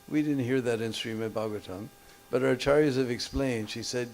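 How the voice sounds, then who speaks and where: A man's voice: mid-range voice, brisk, few pauses. Man, storytelling sermon, asks "hmm?" often, chuckles, temple hall. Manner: keeps checking listeners with short "hmm?" and "huh?", chuckles often. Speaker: preacher.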